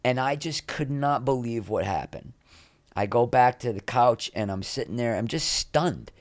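A man's voice: mid-range voice, expressive, a little slow, no echo, clean studio sound. A man as an interview guest, telling candid backstage stories in a rambling way and jumping into raised voices to act out the people he quotes. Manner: rambling, frequent restarts. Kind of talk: candid anecdotal storytelling.

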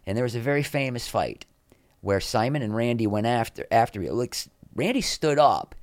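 A man's voice: mid-range voice, expressive, brisk, no echo, studio quality. A man as an interview guest, telling candid backstage stories in a rambling way and jumping into raised voices to act out the people he quotes. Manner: rambling, frequent restarts. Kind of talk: candid anecdotal storytelling.

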